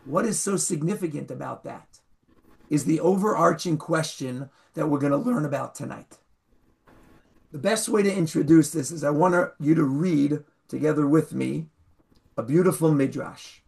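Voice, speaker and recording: A man teaching an online Torah class over a video call, explaining slowly and stressing key words. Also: on the high side, creaky.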